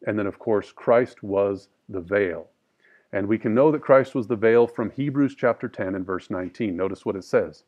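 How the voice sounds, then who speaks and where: A man teaching a scripture study. He reads verses slowly and with emphasis, then explains them in plain, casual talk. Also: on the low side, darkish tone, lo-fi sound. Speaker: Bible teacher.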